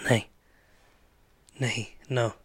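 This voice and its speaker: A man co-hosting a casual discussion who talks in a relaxed, chatty way and often reacts briefly to his partner. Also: medium pitch, extremely slow, husky.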